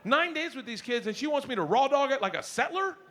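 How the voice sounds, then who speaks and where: A man telling a stand-up story, loud and animated, shouting as he acts out lines. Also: very high-pitched, brisk, background noise. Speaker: stand-up comedian.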